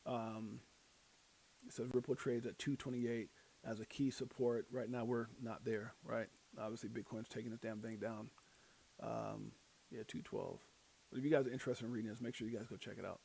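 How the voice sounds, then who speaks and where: A man hosting a live stream, talking loosely with plenty of slang and tangents. He wanders off track, laughs at himself, and reacts out loud to what he reads. His pitch sits in a typical male middle range. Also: steady tone, moderate pace, vocal fry, a little hiss or hum. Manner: rambling, self-deprecating, slangy. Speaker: livestream host. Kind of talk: casual live stream commentary.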